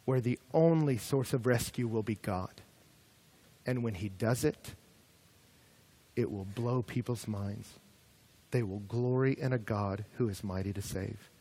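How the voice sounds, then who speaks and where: A young man preaching a sermon to college students, lively and animated, building up to shouting when he retells stories. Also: medium pitch, no room sound. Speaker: pastor. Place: campus ministry gathering.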